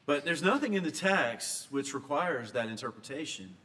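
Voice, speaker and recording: A man preaching a sermon, telling a scripture story and moving between hushed and emphatic delivery. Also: mid-range voice, expressive, moderate pace.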